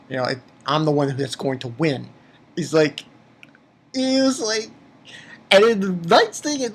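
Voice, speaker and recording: A man giving an excitable, rambling recap of a manga chapter, repeating himself, swearing casually and jumping into high squeaky voices when he quotes. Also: normal speed. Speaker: manga reviewer.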